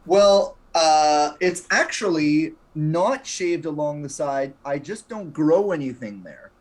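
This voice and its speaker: A man's voice: on the high side, expressive, slow pace. A man speaking as a guest over a video call. He talks in a mid-range voice with goofy, self-mocking banter, laughing at his own jokes. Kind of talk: casual chat on a video call.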